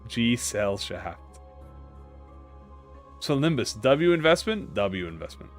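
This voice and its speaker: Swearing, animated male game streamer. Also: mid-range voice, slow pace, faint music behind. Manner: swears freely, rambling and self-mocking. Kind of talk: casual live-stream game commentary to chat.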